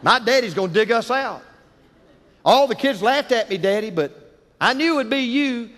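A man preaching, putting on the high, eager voice of a trusting six-year-old boy. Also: animated, normal speed, fairly bright tone, long reverb tail. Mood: eager, certain.

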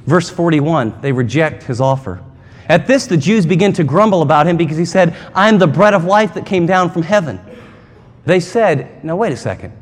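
A man's voice: on the high side, moderate pace. A man preaching a sermon as pastor, emphatic and conversational, with dramatic asides. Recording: long hall reverb.

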